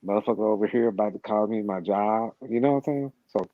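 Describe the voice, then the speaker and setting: A man's voice: fairly low pitch, quick pace, no room sound. A middle-aged man telling a long story in casual, rambling talk, profane and full of repeated words and restarts. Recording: slightly dull, lo-fi sound.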